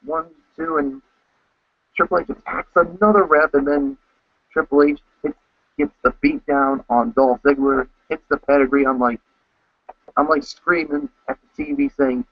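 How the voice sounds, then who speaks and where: A man co-hosting a casual podcast recap, telling events with excitement and acting out his own reactions. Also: mid-range voice, moderate pace, no room sound. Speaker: co-host. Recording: dull lo-fi, dry sound.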